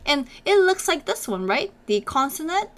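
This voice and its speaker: In a high, sing-song voice at a moderate pace, a young woman runs a live-streamed Korean lesson. She repeats each sound over and over as a drill, reads chat comments aloud, and encourages her viewers.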